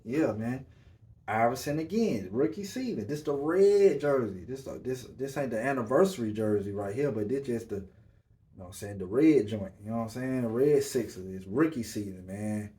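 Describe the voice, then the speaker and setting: Male podcast host, relaxed and slangy, mid-pitch voice, sitting back from the mic. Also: normal speed. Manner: laid-back, loose slang, filler-heavy. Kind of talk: casual podcast chat. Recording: voice a bit far from the mic.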